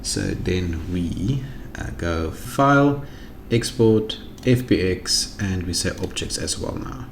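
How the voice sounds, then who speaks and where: A man with a South African accent talking through a software tutorial, thinking aloud as he clicks through menus. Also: low voice, expressive, takes it slowly, few pauses. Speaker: tutorial host. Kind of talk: screen-recorded software tutorial. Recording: echoey room with noise and keyboard typing.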